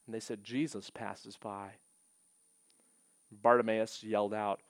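A man preaching a sermon as pastor. He talks earnestly, slows down to stress key points and rises when he quotes scripture. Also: on the low side, little pitch movement, no echo.

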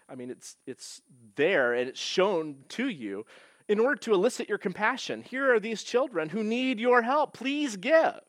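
A man's voice: mid-range voice, fairly bright tone, no echo, studio quality. A man preaching a sermon, reading scripture aloud and explaining it in an earnest, emphatic way. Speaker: pastor.

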